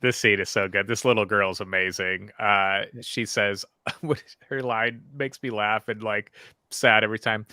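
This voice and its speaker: A man co-hosting a casual movie review chat, enthusiastic and quick to laugh. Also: fairly low pitch, steady tone, pushed and bright, dry recording. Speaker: podcast co-host.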